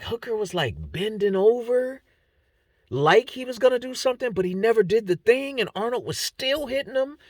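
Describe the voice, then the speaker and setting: A man's voice: fairly high pitch, no echo, studio quality. A man giving a casual, slangy, profane breakdown of fight results, laughing often. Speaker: MMA fight analyst.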